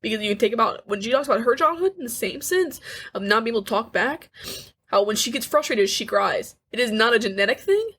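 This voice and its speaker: An eighteen-year-old woman co-hosts a candid podcast, speaking earnestly but haltingly, restarting often and letting out nervous little laughs. Her voice is fairly high, animated and fairly bright, with a breathy edge.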